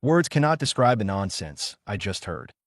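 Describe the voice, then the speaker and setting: A man voicing a stern, weary old male village leader with a deadpan manner. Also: on the low side, moderate pace, no echo, studio quality.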